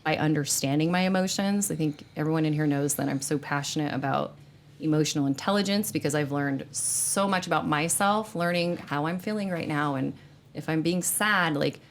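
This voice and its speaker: A woman with a very low voice and plenty of vocal fry hosts a casual spiritual podcast chat. She talks earnestly and loosely, piling on fillers and restarts. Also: moderate pace, slight background noise. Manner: earnest, rambling, with frequent fillers. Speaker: podcast host.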